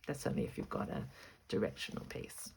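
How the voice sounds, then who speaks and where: A woman hosting a casual stitching vlog, excited, chatty and rambling as she shows her projects. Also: brisk, a little hiss or hum. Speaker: stitching vlogger. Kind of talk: casual show-and-tell vlog.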